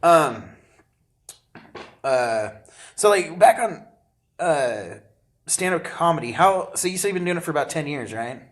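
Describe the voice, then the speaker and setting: A man's voice: fairly high pitch, animated, unhurried, pauses often. Laid-back male podcast host. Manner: laid-back, swears, says dude and man. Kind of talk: casual podcast chat.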